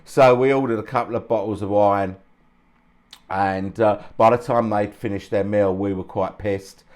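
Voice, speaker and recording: A man's voice: on the low side, fairly even intonation, moderate pace. A man, the host of the channel, telling an anecdote in a chatty, chuckling, self-deprecating way. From England. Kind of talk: casual anecdotal storytelling.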